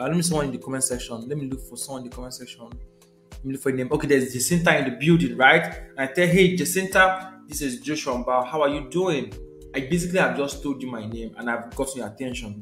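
A man's voice: mid-range voice, a bit bright, reverberant. A young man, teaching a live sales session in a conversational way, repeating his key points and checking in with viewers. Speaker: sales trainer.

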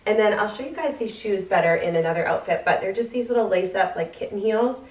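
A woman's voice: mid-range voice, fast talker. A young woman, a fashion vlogger, chatting in a bubbly way while she tries on clothes for a haul video. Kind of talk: try-on haul vlog. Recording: roomy, distant and slightly dull.

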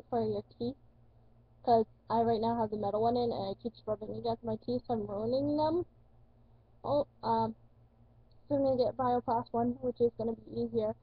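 Rambling young woman vlogger, husky lo-fi. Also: on the high side, dry recording. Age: young adult. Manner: rambling, full of likes and ums, excitable. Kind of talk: casual chat.

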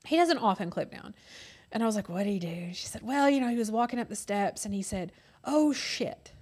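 A woman's voice: on the high side, quick pace, a little mellow. A woman in her thirties co-hosting a casual chat, telling stories and acting out the voices of other people. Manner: storytelling, acts out quoted voices. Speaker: co-host.

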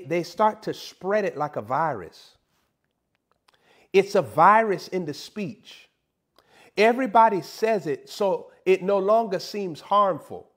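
A male preacher delivering a sermon with a comic, teasing streak and plenty of mock scolding. His voice sits high for a man, and he takes his time, drawing out his words at an unhurried pace. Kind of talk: comedic preaching.

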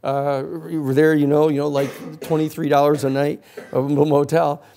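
Male lecturer, fairly high voice, rambling classroom storyteller. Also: moderate pace. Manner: rambling, animated storytelling with many fillers.

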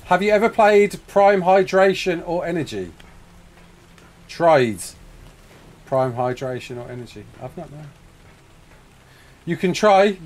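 A man's voice: fairly high pitch, lively intonation, unhurried, long pauses. A British man chatting casually on a live stream, answering viewer questions, laughing often and calling people mate. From United Kingdom.

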